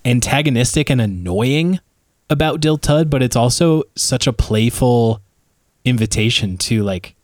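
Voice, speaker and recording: A man hosting a podcast interview, enthusiastic and quick to laugh as he asks questions. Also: medium pitch, no echo, studio quality. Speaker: podcast host. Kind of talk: conversational interview.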